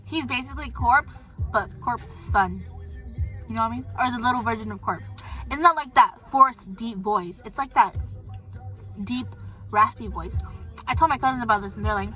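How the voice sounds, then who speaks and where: A teenage girl with a high, bright voice talks casually to the camera. She gossips in a chatty, storytelling way. Faint music plays behind her. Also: big pitch swings, a little slow, pauses often. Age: teens. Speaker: vlogger. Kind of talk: casual chat.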